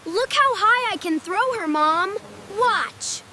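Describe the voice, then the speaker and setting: A child voice playing a spoiled, bratty young boy in an animated story, whiny and demanding. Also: extremely high pitch, takes it slowly, big-room sound, loud music behind the voice, heavily acted.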